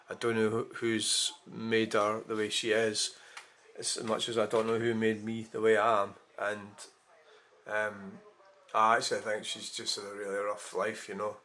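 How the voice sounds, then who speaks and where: A man's voice: fairly low pitch, pushed and bright. A man talking in a rambling, frank monologue, swearing freely and often restarting his sentences. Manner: rambling, frank, frequent swearing and self-corrections. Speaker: vlogger. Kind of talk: casual monologue.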